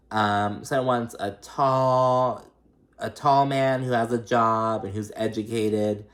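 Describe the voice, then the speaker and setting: Chatty young man recapping reality TV. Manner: chatty and profane, laughing often, mimicking cast members in a high voice.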